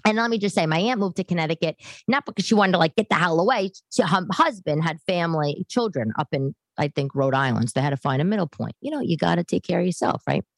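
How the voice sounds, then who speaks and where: A woman in her forties hosting a podcast from her living room, talking in a casual monologue that turns animated and emphatic, ranting with many restarts. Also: fairly low pitch, fast, no room sound. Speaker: podcast host.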